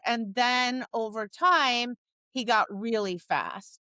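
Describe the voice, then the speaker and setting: Bright animated woman, chatty podcast co-host. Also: fairly high pitch, measured pace, clear, resonant tone, dry recording. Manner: animated, acts out cheery voices and dog reactions. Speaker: podcast co-host, dog trainer. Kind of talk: casual chat.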